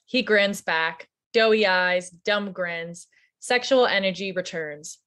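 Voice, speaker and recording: A woman's voice: lowish voice, slow pace, fairly bright tone. A woman reading stage directions in a livestreamed play, matter-of-fact.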